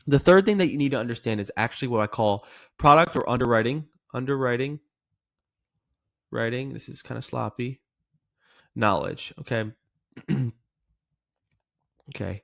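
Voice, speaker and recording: A man teaching insurance sales in an energetic coaching style, checking in with "okay" as he goes. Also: medium pitch, no echo, clean studio sound. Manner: energetic, repeating "okay" often. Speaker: sales trainer. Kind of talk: coaching lesson to camera.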